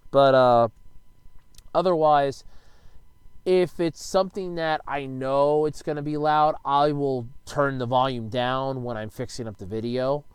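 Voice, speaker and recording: A man casually rambling in a home video, swearing freely and now and then bursting out loud, speaking close to a desk microphone in his bedroom. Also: medium pitch, clean tone, no echo. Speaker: YouTuber answering viewer questions.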